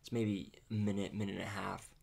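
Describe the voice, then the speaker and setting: A man telling a hunting story in a casual chat, animated and laughing, full of "dude" and "like". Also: on the low side, fairly quick, vocal fry. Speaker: podcast host.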